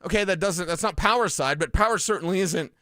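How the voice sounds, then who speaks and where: A man's voice: high voice, fast, bright, forceful tone, no room sound. A man from Colorado co-hosting a sports radio show, breaking down plays in a chatty, joking way in a studio. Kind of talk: casual sports talk radio. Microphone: studio microphone.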